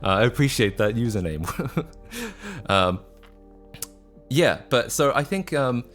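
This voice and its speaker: A man's voice: medium pitch, lively intonation, takes it slowly, fairly bright tone, faint music behind. A man in his twenties from Australia, with a mixed Australian, British and North American accent. He chats casually on a livestream, rambling with lots of fillers and restarts. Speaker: streamer.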